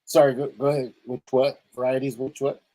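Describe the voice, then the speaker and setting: Over a casual video call, this Los Angeles man, host of his own show, rambles loosely and laughs with ease. He speaks fairly quickly in a mid-range, level, dark-toned voice, and the audio is poor.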